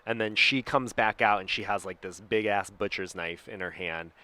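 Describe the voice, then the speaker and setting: A man with a lowish voice and a dry, close sound, chatting as a podcast co-host. He talks frankly, swears freely and retells movie scenes with dramatic quotes. Recorded at home. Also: normal speed, sharp tone, no room sound. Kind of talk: casual chat.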